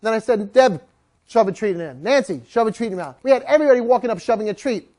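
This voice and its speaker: A woman dog trainer speaking to a room of people in a lively, joking way, slipping into quick voices for owners and dogs. Her pitch swings widely as she talks, rising and falling through each story. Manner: animated, jokey, acts out voices of people and dogs. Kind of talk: live talk to an audience.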